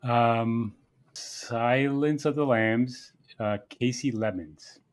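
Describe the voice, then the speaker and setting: Male contestant, casual, tentative, thinks out loud. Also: medium pitch, very slow. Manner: uncertain, thinking aloud. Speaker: podcast player. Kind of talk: casual game-show chat.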